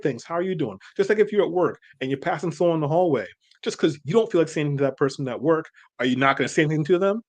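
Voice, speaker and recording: Earnest, rambling man. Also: a little high. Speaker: co-host. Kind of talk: casual reaction chat.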